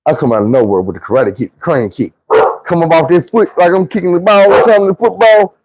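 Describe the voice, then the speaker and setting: A man's voice: a little high, fast, darkish tone, no echo, rough recording. A man telling a story in a casual, profane, slangy monologue, rambling loosely with frequent restarts.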